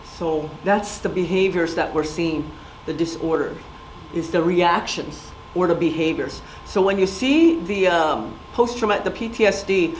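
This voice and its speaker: A woman's voice: lowish voice, slight background noise. A middle-aged woman giving a community presentation, telling stories and asking the audience questions. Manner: storytelling, asks audience questions. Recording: echoey room from far off.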